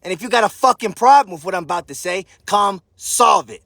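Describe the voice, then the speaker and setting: High-pitched gravelly man ranting. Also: brisk, dry recording, clean studio sound. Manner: profane, defiant, often shouting. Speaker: social media creator. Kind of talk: ranting monologue to his followers.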